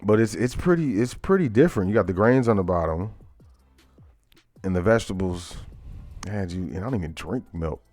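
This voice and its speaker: Male host, low voice, dry close mic, faint music bed; chatty and amused while reading the news. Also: expressive, fairly quick, long pauses, a little mellow, no echo. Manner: laughs often, reads headlines aloud with asides. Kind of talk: casual current-events commentary.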